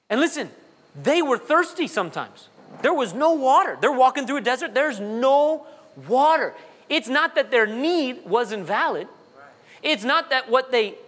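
A pastor preaching an animated sermon. His voice sits high and rises and falls sharply, from loud peaks to low asides. It carries a long reverb from a large church hall.

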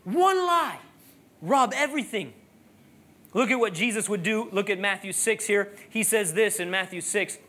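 A preacher giving a sermon, telling a lively personal story and then building to emphatic, raised-voice preaching. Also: mid-range voice, normal speed.

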